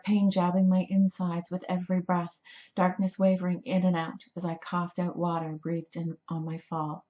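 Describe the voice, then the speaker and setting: A woman reads her own novel aloud in a measured, dramatic way. Her voice sits on the low side. The recording sounds somewhat dull. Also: a little mellow, echoey room. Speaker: author reading her book. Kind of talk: audiobook narration.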